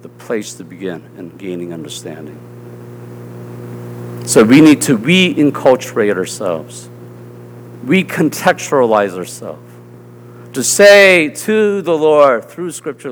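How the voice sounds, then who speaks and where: A man's voice: mid-range voice, big pitch swings, a little slow, big-room sound. A man with a Southern US accent preaching a sermon as pastor, earnest and conversational, often checking in with his listeners.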